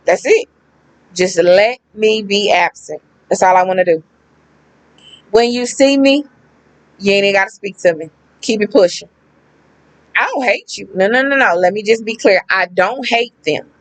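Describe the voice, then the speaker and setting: Woman, casual vlog storytelling, animated, slangy, emphatic repeats, dry close sound. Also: medium pitch, moderate pace, no echo, rough recording. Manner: animated, acts out quoted people, emphatic repetition; slangy, conversational. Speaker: vlogger.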